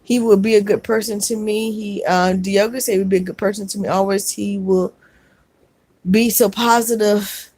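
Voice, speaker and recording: A woman hosting a casual livestream reads viewer comments aloud and answers them gently, calling people sweetheart. Her speech halts and restarts now and then. The sound is close and dry, with no room echo. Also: medium pitch, fairly even intonation. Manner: halting, with fillers and restarts.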